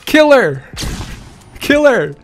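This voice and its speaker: A young man streams his gameplay, teasing other players and laughing often. His pitch bounces lively between lines. Faint music plays under his talk. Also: drawn-out words. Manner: playful, trolling, laughs often. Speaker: gaming streamer. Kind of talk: live gameplay commentary.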